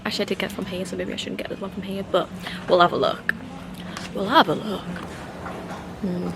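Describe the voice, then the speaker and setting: A woman in her twenties chatting casually to camera in a vlog, animated and chatty as she tells stories with laughs. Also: medium pitch, a little fast, vocal fry, background noise. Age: 20s. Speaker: vlogger. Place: out and about, shops and street.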